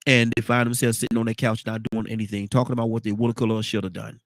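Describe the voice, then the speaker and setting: A congested man with a baritone voice hosting a casual morning talk show, rambling and repeating his words. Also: little pitch movement, very fast, hardly any pauses, no room sound. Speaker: radio show host.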